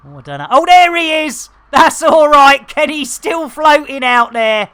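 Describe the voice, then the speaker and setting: A woman's voice: sits high, expressive, unhurried, fairly bright tone. Chatty woman streaming a game. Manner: chatty, jokey, slangy banter. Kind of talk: casual live-stream chatter.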